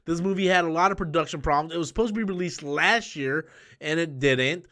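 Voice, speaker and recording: A man hosting a live-stream chat from a small room under studio lights, excitable and profane, humming movie sound effects as he talks. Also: fairly high pitch, fairly quick. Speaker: YouTube host.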